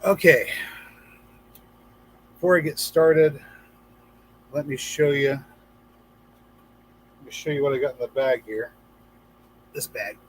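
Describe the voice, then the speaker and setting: A man's voice: mid-range voice, takes it slowly, long pauses, slight background noise, rough recording. A man hosting a casual livestream for gardeners, chatting, reading viewer comments aloud and telling jokes with a few acted-out voices. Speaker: livestream host.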